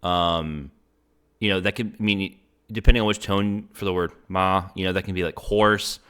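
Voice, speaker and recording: Brief: young male interviewer, deep voice, loose rambling delivery. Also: fairly even intonation, moderate pace, fairly bright tone, clear, resonant tone. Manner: rambling, many fillers and restarts. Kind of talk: casual conversation.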